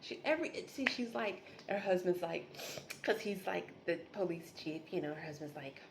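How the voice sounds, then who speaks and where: A woman's voice: on the low side, expressive, normal speed, noisy background. Chatty, rambling woman podcaster. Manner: chatty, rambling, laughs often, talks to listeners as y'all. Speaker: podcast host. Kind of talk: casual solo video podcast.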